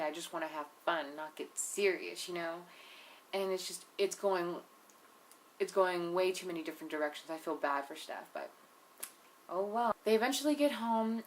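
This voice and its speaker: A young woman with a lowish voice recaps a reality show episode as a TV episode reviewer, casually and with strong opinions. She swears and fills her talk with "like" and "you know," dropping blunt, opinionated asides. There is slight background noise.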